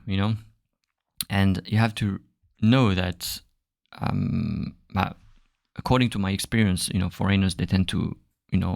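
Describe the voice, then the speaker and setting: A French-accented man teaching a podcast lesson, slow and unhurried, hunting for his words between fillers. His voice sits very low with a gravelly, fry-heavy edge. The sound is dry and close, with no room around it. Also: no echo. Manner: relaxed, searching for words, many fillers.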